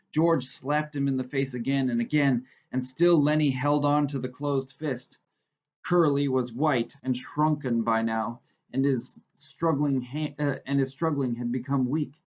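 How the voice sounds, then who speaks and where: A man's voice: medium pitch, dull audio. A male teacher reading a novel aloud in a plain manner, often stopping to correct himself.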